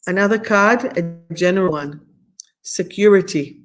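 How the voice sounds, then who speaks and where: A woman's voice: fairly low pitch, a little slow. A middle-aged woman from Israel, guest-hosting a live stream where she leads a meditation and reads oracle cards in a soothing, affirming way with slightly phrasing. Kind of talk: live-streamed guided meditation and card reading.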